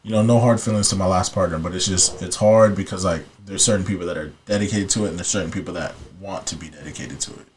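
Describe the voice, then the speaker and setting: A man's voice: sits low, quick pace, few pauses, a little hiss or hum. A man in his thirties, a podcast guest, telling a story in an earnest, matter-of-fact way in casual chat. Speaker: podcast guest, paranormal investigator.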